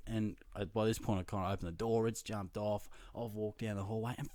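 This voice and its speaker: A young Australian man with a fairly low voice tells a story in a loose, sweary, self-mocking way. The recording is close and dry, with no room sound. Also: fairly quick, no room sound. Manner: animated, profane, self-mocking anecdote telling. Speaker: podcast host. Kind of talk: casual storytelling.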